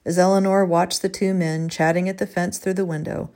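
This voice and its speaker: A woman with a fairly low voice reads a gentle storybook tale aloud. Her narration is measured and expressive. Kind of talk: scripted storytelling.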